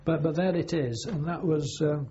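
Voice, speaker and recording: An older man, a former navy sailor, recalling his service in an oral history interview, rambling and halting with many fillers. The recording is dull and lo-fi with a faint hum. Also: fairly high pitch, dark tone.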